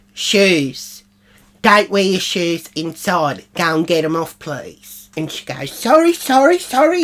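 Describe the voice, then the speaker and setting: Brash low-voiced woman. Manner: brash, sweary storytelling with animated quoted voices. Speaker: storyteller. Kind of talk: comedic character monologue.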